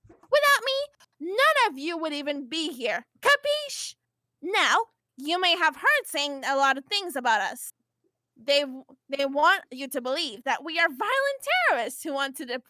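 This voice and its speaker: A woman's voice: high-pitched, bright, forceful tone, no room sound, heavily acted. A woman doing a brash, foul-mouthed troll girl. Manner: swaggering, profane, mocking. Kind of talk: amateur audio drama acting.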